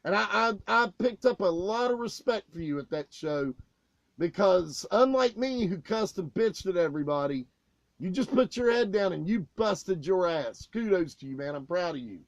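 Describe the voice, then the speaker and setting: A man co-hosting a casual podcast, telling profane backstage stories with loud, animated outbursts. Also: sits high, normal speed, no echo. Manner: loud, swearing, animated retelling with raised outbursts.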